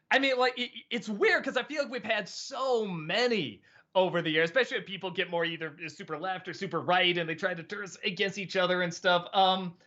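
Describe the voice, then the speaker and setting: A man hosting a casual live-stream Q&A, thinking aloud with many pauses and restarts. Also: sits high, sharp tone, dull audio. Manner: musing, hesitant, many ums and restarts. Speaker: host.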